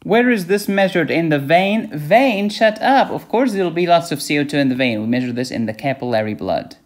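Guy doing a medical lecture, kinda high voice, jokey, answers his own questions. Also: animated, quick pace.

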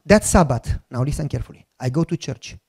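A man's voice: on the high side, animated, fast talker, gravelly, a little mellow, breathy edge. A man whose first language is not English, telling a personal testimony as a sermon with emotional, acted-out prayers. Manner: emotional, acts out quoted prayers. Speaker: preacher.

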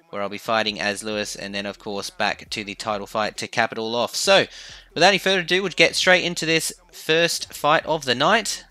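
An upbeat man talking through his gameplay in a chatty way. His voice is bright and forward. It sits on a close, dry mic with no room sound. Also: mid-range voice, clear, resonant tone, no echo. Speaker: gaming YouTuber. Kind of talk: casual gameplay commentary.

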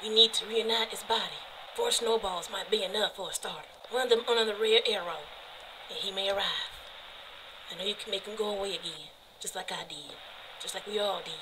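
A woman's voice: mid-range voice, brisk, noisy background, pitched below the performer's own voice, natural voice. A woman voicing an older country grandfather in a horror game, with a put-on Southern US country accent and a solemn, earnest manner.

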